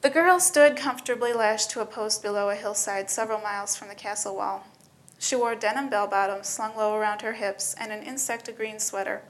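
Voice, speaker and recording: A woman narrating a story in a steady, matter-of-fact reading voice. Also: medium pitch, fairly quick, a little hiss or hum, poor audio.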